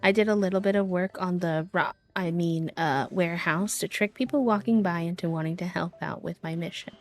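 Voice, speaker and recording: Brief: a sly, lazy gang villain, voiced by a woman plotting in a low, quiet tone. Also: fairly quick, soft background music, close to an everyday voice. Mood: scheming. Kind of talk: reading game dialogue aloud.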